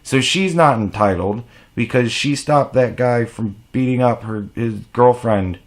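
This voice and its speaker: A man's voice: medium pitch, unhurried. A man delivering a blunt, profane, exasperated rant to camera as a vlogger. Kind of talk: ranting monologue to camera.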